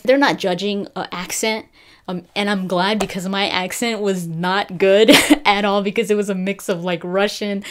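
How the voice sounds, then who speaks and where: A woman hosting her own gaming news vlog in a loose, casual chat. She talks in an animated, rambling way, with lots of fillers and false starts. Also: on the low side. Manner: chatty, animated, full of fillers and restarts.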